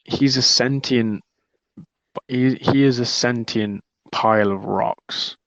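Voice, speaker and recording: A man's voice: medium pitch, slow, creaky, highs cut off, crowd noise. A young man co-hosting a casual chat, joking and swearing freely. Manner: joking, swears freely, does silly voices. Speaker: podcast co-host.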